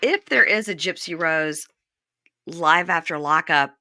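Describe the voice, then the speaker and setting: Podcast host woman, bright lowish voice. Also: animated, no echo. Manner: conversational, quick asides, playful. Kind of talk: casual podcast chat.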